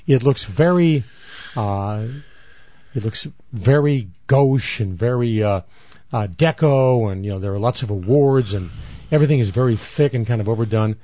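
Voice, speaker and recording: A man rambles through a podcast story and repeats himself as he acts out the scenes. His voice is mellow and dark, recorded dry and slightly dull. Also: mid-range voice, normal speed, no echo. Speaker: podcast co-host. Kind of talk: casual banter and storytelling.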